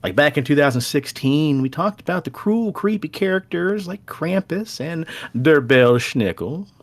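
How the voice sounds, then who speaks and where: A man's voice: a little high, expressive, moderate pace, no room sound. This man co-hosts a podcast in an easygoing, joking way and keeps ribbing his friend. His voice moves up and down freely. The microphone sound is dry and close, with no room in it. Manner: joking, teasing, calls his co-host buddy. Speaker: podcast co-host. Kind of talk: casual podcast banter.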